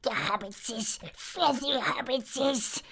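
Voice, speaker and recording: A man doing a Gollum impression, a greedy creature with a raspy, hissing voice. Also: extremely high pitch, takes it slowly, sharp tone, pitched above the performer's own voice, heavily acted. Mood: wheedling.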